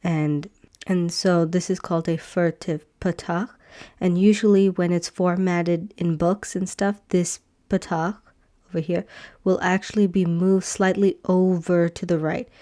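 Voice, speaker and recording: A woman teaching a beginner language lesson over slides, patient, repeating each sound slowly with many fillers. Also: fairly low pitch, little pitch movement, warm tone.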